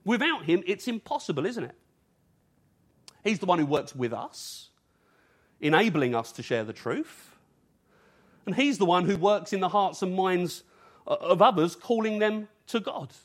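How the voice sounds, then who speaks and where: A man's voice: sits high, big pitch swings, a little slow, pauses often. A man from England preaching an evening sermon in an earnest, urgent way, using rhetorical questions.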